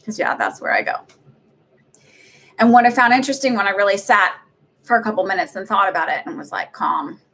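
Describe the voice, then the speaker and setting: A woman's voice: mid-range voice, expressive, brisk, pauses often, fairly bright tone. A middle-aged woman hosting a psychic reading livestream, chatting casually and rambling with lots of fillers and laughs. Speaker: psychic medium livestream host.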